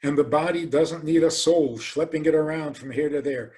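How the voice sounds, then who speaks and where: A rabbi giving a lecture, telling stories animatedly and asking rhetorical questions. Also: male voice, a little high, normal speed. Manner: animated storytelling, acts out quoted voices.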